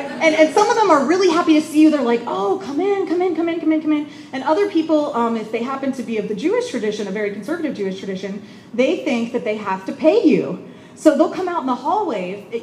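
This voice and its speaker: A woman pastor giving a conversational sermon, lively and acting out the people she quotes. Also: on the high side, echoey room, slight background noise, rough recording.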